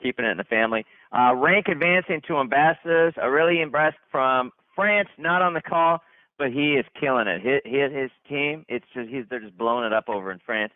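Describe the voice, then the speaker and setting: A man hosting a company conference call, hyped and chatty, repeating himself and restarting sentences as he gives shout-outs. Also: mid-range voice, brisk, no room sound. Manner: hyped, repetitive, stumbling restarts. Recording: tinny dry phone line.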